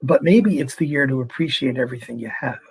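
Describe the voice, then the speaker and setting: Earnest husky-voiced priest. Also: male voice, mid-range voice, fast, low-quality recording. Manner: earnest, reflective, speaks in short phrases. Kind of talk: conversational interview.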